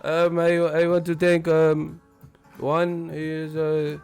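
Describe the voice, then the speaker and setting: A man's voice: fairly high pitch, monotone, takes it slowly, darkish tone, clear, resonant tone, faint music behind. A man hosting a casual livestream as a boxer, rambling and profane and laughing often.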